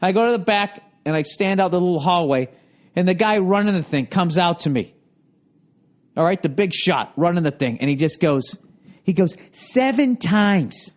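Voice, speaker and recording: A man's voice: sits high, moderate pace. A man in his forties with a Boston accent, telling a profane, exasperated story in a ranting monologue. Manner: profane, exasperated storytelling, jumps into loud mock voices. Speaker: podcast host.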